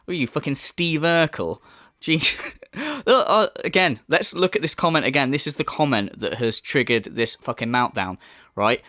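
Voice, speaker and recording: A man hosts a commentary video, his pitch swinging widely as he mocks and scoffs. He swears freely and drifts in and out of sarcastic laughs. The sound is dry and close, with no room around him. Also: expressive, normal speed, bright, forceful tone, no room sound. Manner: mocking, laughing, swearing, mimics voices. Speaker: commentary channel host.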